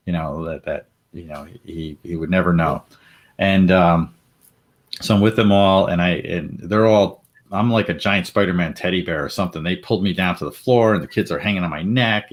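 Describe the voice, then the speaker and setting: A middle-aged man with a very low, deep voice, chatting casually on a panel. He tells his story in an animated way, laughing often and acting out the voices of others. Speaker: panel guest.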